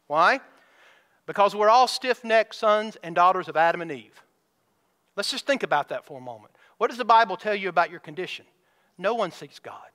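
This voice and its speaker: A man's voice: high voice, sharp tone. A man preaching a sermon as a pastor, stretching out key words and firing rhetorical questions at his congregation. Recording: hall reverb.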